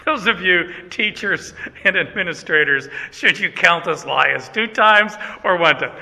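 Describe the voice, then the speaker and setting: Slow-spoken, bright-voiced preacher in a hall. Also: male voice, high voice, big pitch swings, gravelly. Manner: folksy and self-deprecating, with halting restarts. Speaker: pastor. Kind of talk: sermon. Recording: echoey hall.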